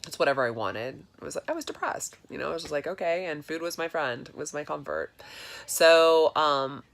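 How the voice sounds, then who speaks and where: A woman's voice: sits low, big pitch swings, moderate pace, creaky. A woman in her thirties chatting casually and confessionally in a personal vlog, with lots of fillers. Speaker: vlogger. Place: home in Florida.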